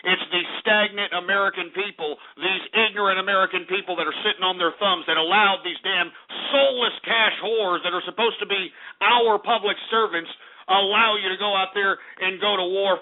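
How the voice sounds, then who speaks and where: A man's voice: high voice, moderate pace. A male call-in radio host ranting angrily and swearing at his callers. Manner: angry, profane, shouting tirades. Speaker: radio host taking calls. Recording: phone-like lo-fi stream audio.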